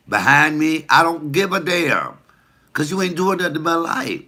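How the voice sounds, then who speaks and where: A man's voice: fairly high pitch, bright, forceful tone. A comedian talking casually to the camera, blunt, profane and preachy as he tells stories and gives advice.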